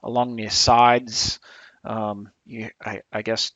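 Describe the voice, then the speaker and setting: A man's voice: lowish voice, slow, no echo. Male instructor talking through a screen tutorial in an easygoing, slightly tired way, with a dry, muffled sound. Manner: relaxed, thinking aloud with fillers and restarts. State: a little tired.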